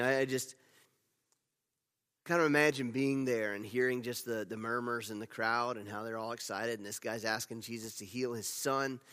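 A man preaching a sermon as pastor, telling the story with animated swings between loud emphasis and hushed asides. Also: medium pitch. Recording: long reverb of a large hall.

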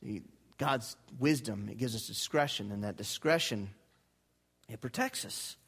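A male pastor preaching a sermon, putting questions to his congregation and asking them to repeat lines back, swinging from loud emphatic lines to low, quiet ones. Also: a little slow, long pauses, slightly rough. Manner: rhetorical questions and call-and-response with the congregation.

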